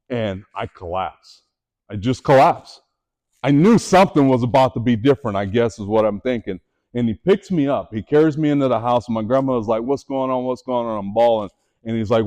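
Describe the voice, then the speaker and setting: A man speaking to a school assembly as a motivational speaker, with a lowish voice. He tells a personal story earnestly and acts out the voices he quotes. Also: a little mellow.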